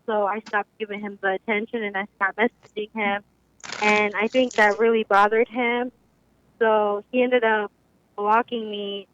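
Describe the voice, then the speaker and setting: A woman's voice: medium pitch, fairly bright tone, slight background noise. Young woman caller on a lo-fi line. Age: young adult. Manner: casual, rambling, lots of "like". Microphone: phone call-in. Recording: lo-fi phone line.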